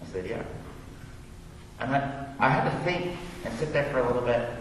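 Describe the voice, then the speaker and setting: At normal speed and in a mid-range voice, a male pastor starts his sermon by casually recounting a personal story and quoting what people said. The sound is echoey, with a distant microphone and background noise.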